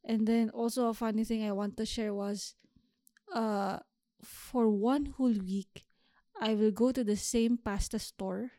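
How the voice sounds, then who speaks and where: A young woman hosts her own solo podcast, reflecting aloud in a calm, unhurried way and now and then restarting a word. Her voice sits a little high, with a soft, mellow tone. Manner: thoughtful, unhurried, with small restarts. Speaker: podcast host.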